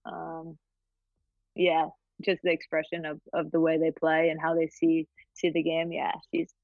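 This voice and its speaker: A laid-back American woman from New Jersey answers questions in an easy, halting way, often repeating her words. She comes through dull lo-fi audio that sounds dry and close. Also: sits low, completely flat delivery, dry recording. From New Jersey, USA. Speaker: footballer guest. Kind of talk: casual interview answers.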